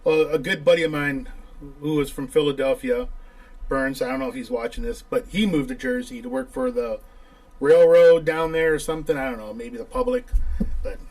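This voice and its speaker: A man's voice: a little high, gravelly, low-quality recording. A man in casual chat, reminiscing with dry humor about old friends.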